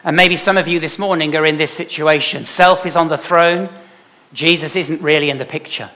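Emphatic male preacher, slightly high voice. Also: fairly quick. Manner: emphatic, with dramatic swings in loudness; rhetorical questions to the congregation. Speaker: pastor. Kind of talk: sermon.

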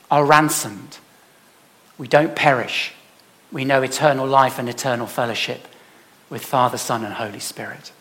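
Emphatic male preacher, slightly high voice. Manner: emphatic, with dramatic swings in loudness; rhetorical questions to the congregation. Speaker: pastor. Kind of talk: sermon.

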